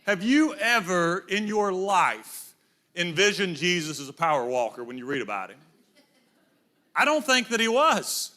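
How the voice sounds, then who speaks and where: A man's voice: high-pitched, sing-song, a little slow, sharp tone. A middle-aged man preaching a sermon in a church, telling stories and acting out voices in quotes. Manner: storytelling, acts out voices in quotes.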